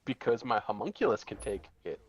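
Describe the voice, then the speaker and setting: A man playing a tabletop game over a call, low-key and matter-of-fact. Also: big pitch swings, brisk, a crowd in the background. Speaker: player. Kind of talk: casual chat during a tabletop game. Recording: dull lo-fi mic.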